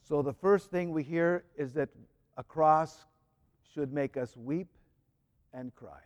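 A man's voice: on the high side, slow, a little mellow, long reverb tail, muffled recording. A man preaching a reflective homily and reading church prayers aloud with rising emphasis. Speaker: priest.

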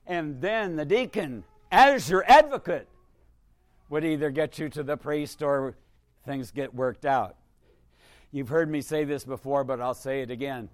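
An older man, a priest, preaching a sermon in a conversational, wry manner, swinging from emphatic bursts to quiet asides. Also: fairly high pitch, a little slow, dry recording, studio quality.

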